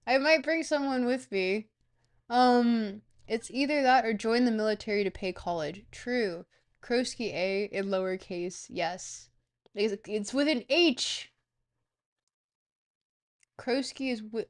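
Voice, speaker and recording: A woman's voice: medium pitch, expressive, a little slow. A young woman streamer chatting casually and rambling as she reads out and answers viewer questions. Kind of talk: casual chat with a live stream audience.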